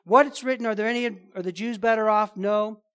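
A pastor giving an expository sermon, emphatic and conversational, repeating phrases for stress. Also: male voice, high voice, fairly quick, a bit bright, clear, resonant tone.

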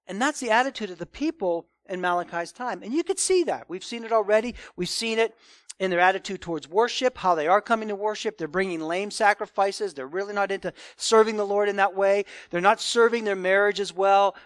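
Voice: mid-range voice, a bit bright, no echo. A preacher giving a Sunday morning sermon in an emphatic, conversational way.

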